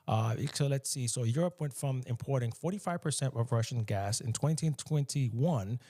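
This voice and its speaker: A man from the United States giving animated, emphatic solo commentary, often slipping into mocking voices. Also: mid-range voice, normal speed, few pauses.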